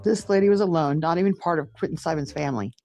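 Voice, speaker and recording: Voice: medium pitch, fast, vocal fry, warm tone, soft background music. A narrator giving scripted commentary over a clip, with snarky, mocking asides.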